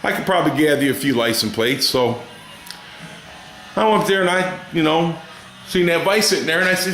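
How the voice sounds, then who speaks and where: A man's voice: a little high, fairly quick, long pauses, a bit bright, reverberant, soft background music. A middle-aged man chatting casually and rambling through a story in his home garage, folksy and drawling. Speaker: garage hobbyist vlogger. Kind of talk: casual workshop chat.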